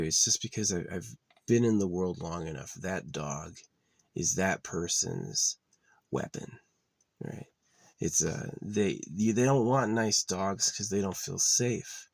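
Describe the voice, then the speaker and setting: A man's voice: low voice, dry recording. A man rambling profanely in a casual monologue, now and then dropping to a near-whisper, recorded outdoors at his camp spot. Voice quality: gravelly and husky. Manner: drops to a near-whisper at times.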